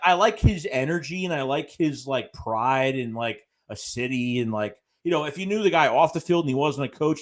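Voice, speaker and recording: A man hosting a live-stream fan show, ranting in a rambling way, repeating himself and reading out viewer chats. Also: mid-range voice. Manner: rambling, repeats phrases, many fillers; reads viewer chats aloud between rants. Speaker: fan channel host. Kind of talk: live-stream sports rant.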